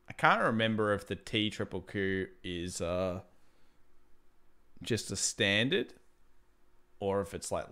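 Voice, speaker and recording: A man with a fairly low, smooth and resonant voice, hosting live market commentary. He talks casually and laughs easily, thinking out loud and restarting his sentences as he works through viewer questions. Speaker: livestream host.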